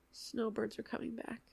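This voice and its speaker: A young adult woman co-hosting a podcast in casual chat, animated and swearing casually, often laughing. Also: fairly high pitch, creaky, husky. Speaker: podcast co-host.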